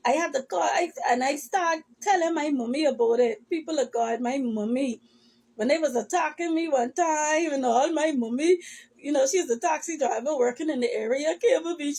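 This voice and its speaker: Impassioned high-voiced woman testifying. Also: moderate pace, a little mellow. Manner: impassioned, repetitive, addresses listeners as "people of God". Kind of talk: emotional personal testimony.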